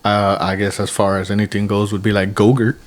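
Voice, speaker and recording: A man's voice: fairly low pitch, a little fast. Rambling young man chatting on a podcast. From United States. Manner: rambling storyteller, many restarts, animated quotes. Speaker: podcast co-host. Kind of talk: casual chat over drinks.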